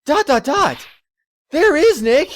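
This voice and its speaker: A man voicing an excitable young woman assistant in a video game, shrill and breathless. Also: slow pace, a little hiss or hum, exaggerated voice. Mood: anxious.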